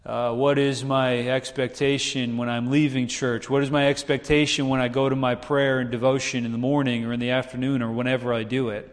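A man preaching a sermon in a conversational style, his pitch rising whenever he acts out quoted voices. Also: level tone, a little fast, few pauses, in a large hall. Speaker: pastor.

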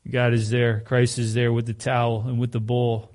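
A man's voice: medium pitch, monotone, normal speed, darkish tone. A male pastor giving a sermon in a conversational way, often putting rhetorical questions to the congregation.

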